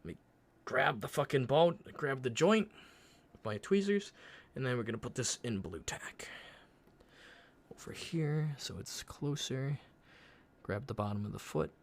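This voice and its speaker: A man streaming live and chatting casually with his viewers while he paints a miniature, swearing often and muttering quietly as he concentrates. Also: mid-range voice, unhurried, long pauses. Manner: relaxed, swears often, talks to chat while working.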